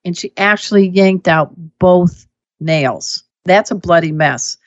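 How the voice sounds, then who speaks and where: A woman who teaches pet first aid, telling stories and giving emphatic advice in a casual, animated way. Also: fairly low pitch, takes it slowly, no echo. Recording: dull lo-fi dry audio.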